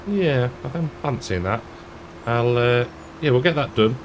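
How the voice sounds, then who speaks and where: A man's voice: mid-range voice, expressive, normal speed, a little hiss or hum. A man giving casual, rambling commentary while playing a farming game, often chuckling to himself. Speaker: gaming YouTuber.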